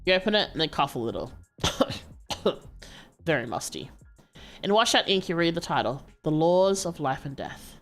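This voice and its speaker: A woman streamer reading a story game's narration aloud. Her voice sits low but swings widely in pitch. Faint music plays behind her. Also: moderate pace. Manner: expressive narration.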